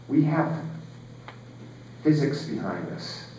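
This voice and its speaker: A man's voice: mid-range voice, normal speed, a little hiss or hum. A man in his forties giving a conference keynote, talking conversationally with lots of fillers and wry asides. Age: 40s. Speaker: keynote speaker, geological scientist. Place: large hall. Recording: echoey hall, distant and dull.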